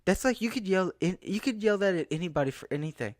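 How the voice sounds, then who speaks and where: A man's voice: high-pitched, expressive, quick pace, no room sound. Exasperated rambling man, dry sound. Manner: rambling, exasperated, restarts and quoted asides. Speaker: vlogger. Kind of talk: casual ranting monologue. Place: outdoors in a town, then home.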